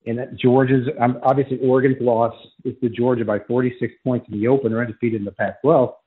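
A man's voice: medium pitch, level tone, fast talker, husky. Brief: male phone-in guest analyst, emphatic, muffled phone-line sound. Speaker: college football reporter calling in as guest. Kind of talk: radio call-in analysis. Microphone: telephone.

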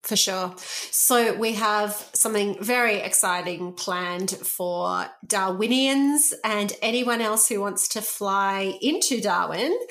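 A woman joins a podcast as a guest, speaking in an upbeat, eager way. Her voice sits at a middle pitch. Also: takes it slowly, fairly bright tone. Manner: enthusiastic, upbeat. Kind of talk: casual chat.

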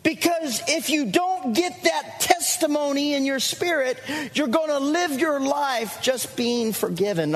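A man's voice: very high voice, expressive, measured pace, hardly any pauses. A male pastor preaching a fervent sermon to his church, repeating lines and calling out to the congregation. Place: church sanctuary. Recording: long church reverb.

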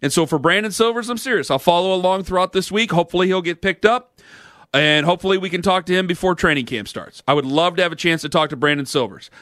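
Animated, bright-voiced radio host man. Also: sits high, fast, no echo, clean studio sound. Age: 30s. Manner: animated, self-mocking, earnest. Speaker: sports talk radio host. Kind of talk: radio talk show monologue. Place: radio studio. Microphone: studio microphone.

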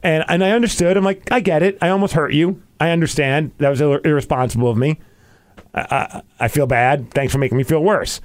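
A man's voice: a little high, brisk. A young man hosting a podcast, telling a story in casual chat and acting out the quotes with laughs. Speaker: podcast host.

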